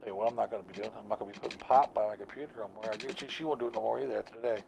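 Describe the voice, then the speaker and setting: A gravelly-voiced man chats while he streams a game. He tells stories with plenty of cursing and laughter, and a faint hiss sits under the voice. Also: on the low side, steady tone, racing, a little mellow. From United States. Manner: profane, laughing storyteller. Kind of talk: casual chat while gaming.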